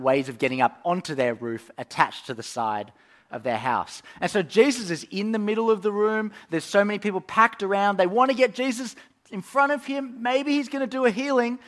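A man with a voice on the high side preaches a sermon, telling the story animatedly with frequent fillers and restarts.

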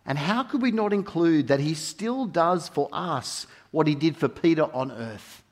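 Delivering a sermon a little slowly, a man with a high-leaning voice and lively intonation alternates soft, intimate stretches with loud, emphatic bursts. Key phrases come back again and again for weight.

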